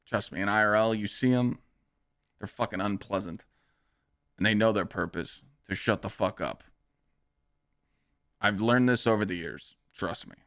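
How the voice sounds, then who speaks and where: A man's voice: fairly low pitch, fairly bright tone, no room sound, studio quality. A young man hosting a casual streamed podcast, talking bluntly and profanely in a boastful, rambling pep talk. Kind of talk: casual livestream podcast chat. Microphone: streaming microphone.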